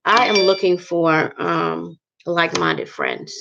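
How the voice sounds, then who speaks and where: A woman's voice: lowish voice, huge pitch swings, slow, vocal fry, a bit bright, lo-fi sound. A woman vlogger talking earnestly to her viewers about faith, rambling and repeating herself.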